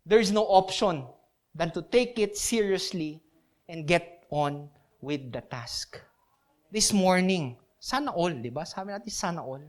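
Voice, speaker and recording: A woman's voice: on the low side, animated, a little slow. A woman with a Filipino accent preaching a sermon, mixing English and Tagalog and often asking her listeners questions. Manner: switches between English and Tagalog, with rhetorical questions; emphatic, repeats key phrases.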